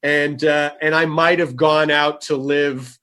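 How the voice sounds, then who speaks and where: A man's voice: on the high side, level tone, takes it slowly, bright, forceful tone, clean tone. A man hosting a podcast, chatting casually and playfully with his guest. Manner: playful, riffing and joking. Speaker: podcast host. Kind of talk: casual chat.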